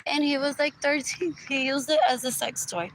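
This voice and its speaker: A woman hosting a live stream, rambling on in a monologue, repeating herself, dropping in Spanish words and now and then breaking into shouts. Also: high voice, fairly even intonation, moderate pace, poor audio. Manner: repetitive, keeps asking "what else?", bursts into shouts. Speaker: livestream host. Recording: loud background noise.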